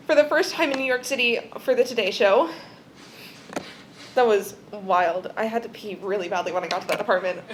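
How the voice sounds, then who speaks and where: A young woman gives an emotional acceptance speech at an event, crying and laughing and often losing her place in her script. Her voice is fairly high, and there's a little hiss or hum on the recording.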